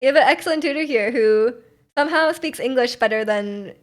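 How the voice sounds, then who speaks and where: Higher-voiced young woman streamer, rambling. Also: fairly quick. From North America. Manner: rambling, filler-heavy, giggly. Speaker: livestream host. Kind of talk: casual stream chat.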